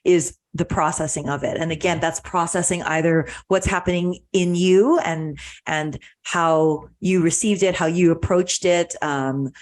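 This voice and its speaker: Thoughtful woman podcast host, low voice. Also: steady tone, measured pace, few pauses. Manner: thoughtful, explaining, restarts and repeats words. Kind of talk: reflective podcast conversation.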